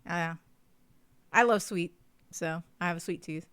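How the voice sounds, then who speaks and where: A woman's voice: lowish voice, unhurried, fairly bright tone, clear, resonant tone, dry recording. Congested woman chatting with a giggle. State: congested, sniffly. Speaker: podcast co-host. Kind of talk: casual chat.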